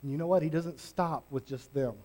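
A male pastor delivering a sermon. His voice sits high for a man, and he talks in a conversational, energetic way, leaning hard on the key words. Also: a little fast.

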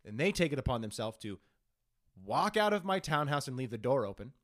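Animated young man telling a story. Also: mid-range voice, brisk. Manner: animated, acts out quotes in changing voices. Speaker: podcast host. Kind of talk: casual storytelling chat.

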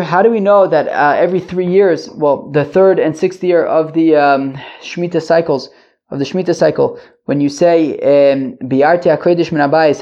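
A man's voice: on the high side, vocal fry, warm tone, dull audio. A man teaching a daily Talmud lesson, explaining in plain terms with many fillers and restarts, mixing Hebrew and Yiddish phrases into English.

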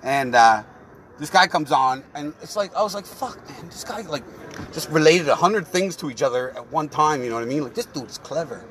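Male podcast host, loose profane chat, a bit high-pitched, faint outdoor hum. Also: expressive, normal speed, fairly bright tone. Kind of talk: casual chat.

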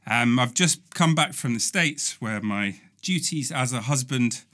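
A man's voice: mid-range voice, lively intonation, a little slow, fairly bright tone. A man hosting a comedy podcast, talking in a playful, self-mocking monologue from home in quarantine. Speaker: podcast host.

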